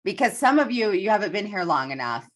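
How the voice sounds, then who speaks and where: A woman's voice: medium pitch, quick pace. A woman coaching on a casual business call, telling stories and acting out quotes with energy. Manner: animated storyteller, acts out quotes.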